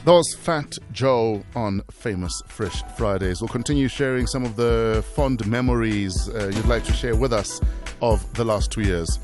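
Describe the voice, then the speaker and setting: A man hosting a breakfast radio show, measured, with easy interviewing and short listening sounds. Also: fairly low pitch, over music. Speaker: radio host. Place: radio studio.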